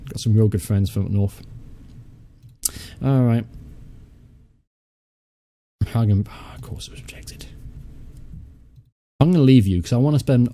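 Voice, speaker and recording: A man's voice: on the low side, dark tone. A young man hosting a casual let's-play, chatty, thinking aloud as he goes, muttering and swearing offhandedly. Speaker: gaming channel host.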